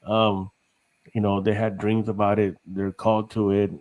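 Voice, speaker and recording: A man's voice: on the low side, little pitch movement, normal speed, a little mellow, rough recording. A middle-aged man from Texas, a guest on a podcast, chatting casually in a rambling way, laughing often and saying "you know" a lot. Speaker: guest, paranormal investigator.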